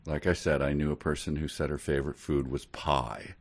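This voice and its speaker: A man's voice: rumbling low, little pitch movement, fairly quick. A man co-hosting a podcast who reacts to a children's book with incredulous, exasperated jokes. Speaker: podcast co-host. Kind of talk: casual comedic book review.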